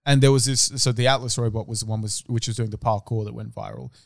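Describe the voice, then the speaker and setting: A man's voice: mid-range voice, steady tone, fast talker, vocal fry, no room sound. Young man, dry close sound. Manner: swears freely, loose slangy storytelling. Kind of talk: casual chat.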